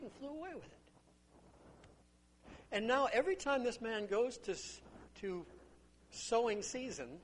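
An older man preaches in a relaxed, conversational way. His voice sits high for a man and swings widely up and down as he tells stories and acts out little quotes. A faint hum of room ambience sits under him. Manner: conversational storytelling with acted-out quotes. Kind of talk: sermon teaching on a parable.

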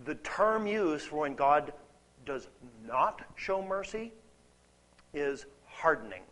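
In a low-quality recording, a man with a voice on the high side and a slightly bright tone teaches from the Bible expositorily, slow-paced and very animated. He talks conversationally, repeats key words for emphasis, and checks in by asking "okay?" and "right?".

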